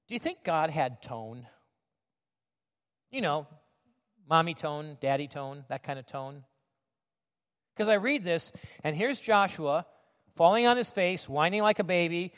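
A male preacher with a high voice delivers a sermon in a conversational, animated storytelling manner. His voice rings through a large hall with a long reverb. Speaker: pastor.

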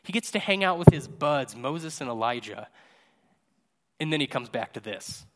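A man's voice: mid-range voice, lively intonation, moderate pace, fairly bright tone. A male pastor giving a casual, joking sermon at a church service into a microphone, often checking in with "right?". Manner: chatty and jokey, tags lines with "right?".

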